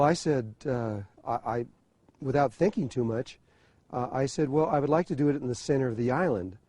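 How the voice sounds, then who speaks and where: An older man from the USA tells a story in a mellow, warm, medium-pitched voice. He pauses a lot, fills gaps with "uh," and often restarts his sentences. The sound is dry and close, with no room echo. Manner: hesitant, many fillers and restarts, chuckling. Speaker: spiritual teacher. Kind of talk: storytelling talk.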